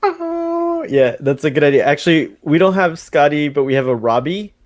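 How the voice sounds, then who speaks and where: A man's voice: fairly high pitch, very animated, normal speed, no echo. Chatty laughing man, dry sound. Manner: laughs often, chatty and upbeat. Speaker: podcast co-host. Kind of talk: casual live-stream chat.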